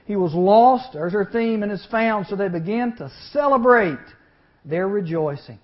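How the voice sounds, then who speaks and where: A man preaching to a teen group, telling a Bible story and acting out its voices with lively energy. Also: high voice, normal speed. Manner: animated, acts out voices in the story. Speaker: youth speaker. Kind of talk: storytelling sermon. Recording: lo-fi recording.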